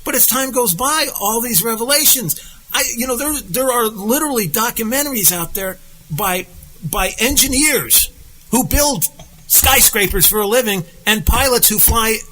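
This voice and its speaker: A man's voice: high voice, low-quality recording. A man co-hosting a casual talk show, telling stories animatedly and acting out the quotes. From United States. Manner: animated storyteller, acts out quotes. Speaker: podcast co-host. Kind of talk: casual political chat.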